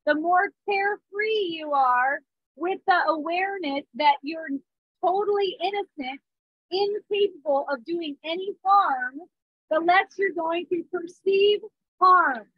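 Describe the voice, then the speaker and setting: A woman's voice: extremely high pitch, measured pace, dry recording, muffled recording. A woman in her thirties giving a spiritual talk, earnest, with small restarts and frequent check-ins. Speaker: spiritual teacher. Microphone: phone or device mic.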